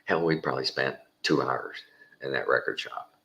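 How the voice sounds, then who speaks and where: Very deep gravelly man. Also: normal speed, pushed and bright. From Texas. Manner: folksy, rambling, casual swearing, acts out quoted voices. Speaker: storyteller. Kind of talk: casual spoken anecdote.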